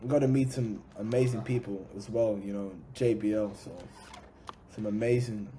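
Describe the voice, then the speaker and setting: A man's voice: on the low side, moderate pace, slight background noise. A man with an Australian accent, a rapper chatting casually as a podcast guest and acting out his stories with lots of energy. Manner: animated storyteller, acts out what people said.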